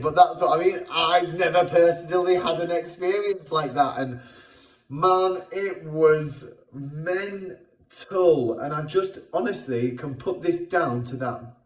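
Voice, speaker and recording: A British man talking through an emotional personal experience in a vlog, halting and repeating himself with many fillers. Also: medium pitch. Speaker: vlogger. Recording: roomy sound, far from the mic.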